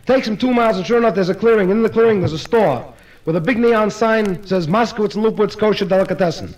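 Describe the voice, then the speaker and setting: A man's voice: sits high, fast talker, low-quality recording. A man performing live stand-up comedy, rattling off jokes in run-on "he says, she says" storytelling. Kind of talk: live stand-up joke telling.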